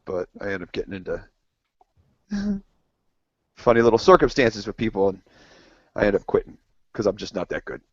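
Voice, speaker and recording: A man's voice: on the low side, very animated, normal speed, long pauses, breathy edge, no room sound. Rambling, swearing man telling stories. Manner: rambling storyteller, swears freely, acts out quotes. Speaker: co-host. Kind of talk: casual banter among friends. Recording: dull lo-fi podcast audio.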